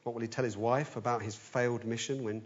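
A man delivers a sermon as lively storytelling, swinging between urgent rises and quiet, hushed passages. His pitch sits in a plain middle range. The recording sounds dull and slightly lo-fi. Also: fast. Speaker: preacher.

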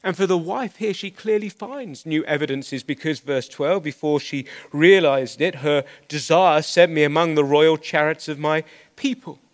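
A man's voice: a little high, moderate pace. A middle-aged man preaching an expository sermon in an earnest, conversational way with small stammers.

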